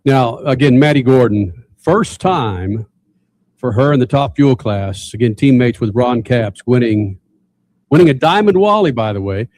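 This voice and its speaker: A man's voice: mid-range voice, expressive, measured pace, a little mellow, dry recording, poor audio. Conversational man hosting a racing show. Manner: conversational, loosely phrased questions. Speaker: show host, interviewer.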